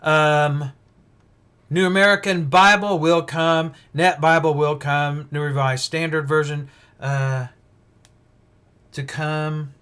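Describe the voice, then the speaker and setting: Male host, slightly high pitch, rambling unscripted livestream preacher, thinks out loud. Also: little pitch movement, slow, long pauses, clean tone. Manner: rambling, thinking aloud, frequent restarts and fillers. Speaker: preacher hosting a livestream Bible study. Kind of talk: casual livestream Bible teaching.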